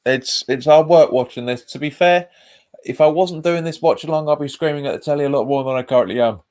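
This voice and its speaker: A man's voice: a little high, brisk, darkish tone. A man hosts a live football watch-along. He chats casually, repeats his phrases and reads viewer comments aloud. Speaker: fan channel host.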